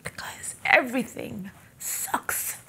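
An emotional ex-fiancée, bright husky voice, lively ups and downs. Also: female voice, on the high side, unhurried, full character voice. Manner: emotional, pleading and accusing by turns. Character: guilty, defiant young ex-fiancée. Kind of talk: romantic drama acting.

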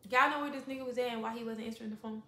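A young woman tells a fight story for her vlog, animated, blunt and full of swearing, acting out what people said. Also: a little high, very fast, roomy sound. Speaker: vlogger.

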